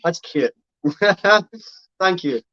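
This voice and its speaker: A man's voice: fairly high pitch, drawn-out words, dry recording. Chatty man, muffled live stream. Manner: rambling, self-correcting, chatty. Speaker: reptile keeper streaming live. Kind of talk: casual live-stream chat reading comments.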